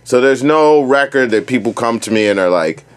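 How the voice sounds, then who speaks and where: A male host and fellow artist asking questions in a halting way, often stopping to search for words. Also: medium pitch, expressive, smooth. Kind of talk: casual interview chat.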